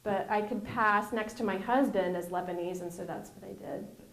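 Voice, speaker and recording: A middle-aged woman in an interview, telling her stories in an animated way and acting out the voices she quotes. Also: medium pitch, moderate pace. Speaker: former intelligence officer, guest. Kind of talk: interview storytelling. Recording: roomy reverb.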